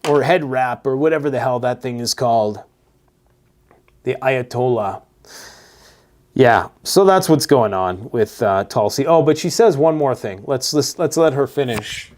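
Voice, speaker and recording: A Canadian man with a mid-range, expressive, slightly mellow voice speaks at a measured pace, giving casual political commentary on prepper news. He's blunt, sarcastic, and profane, mocking people with put-on voices.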